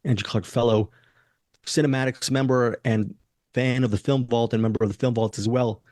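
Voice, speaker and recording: Man, podcast host, casual film chat, jokey, rambling, mid-pitched, dry sound. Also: steady tone, moderate pace, a little mellow, no room sound. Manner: jokey, rambling, laughs often.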